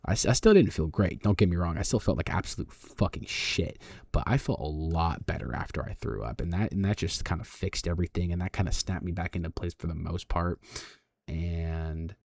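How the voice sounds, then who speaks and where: Deep-voiced slangy young man telling a story. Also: fairly quick, gravelly, darkish tone, no echo, studio quality. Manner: slangy, swears, ends phrases with "bro". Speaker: vlogger. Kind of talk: casual storytelling to camera.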